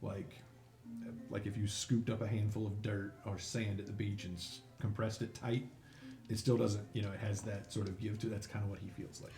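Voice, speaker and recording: A man's voice: on the low side, flat delivery, normal speed, dark tone, reverberant, faint music behind. A man running a tabletop game as game master, narrating casually with fillers and restarts.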